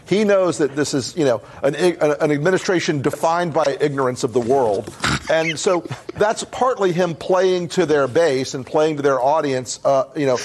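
A man's voice: a little high, moderate pace, darkish tone, slight background noise. A man on a cable news panel, mocking and laughing, with stammered restarts.

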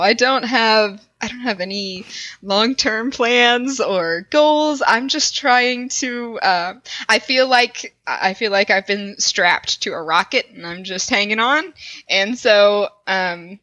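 A woman's voice: on the high side, bright, forceful tone. A woman chatting as a podcast guest, bubbly and self-deprecating, laughing often. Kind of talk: casual chat.

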